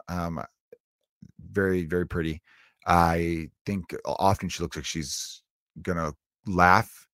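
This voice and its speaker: A man hosting his own comedy podcast, rambling and joking through a solo monologue with animated asides. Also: low-pitched, dry recording, clean studio sound.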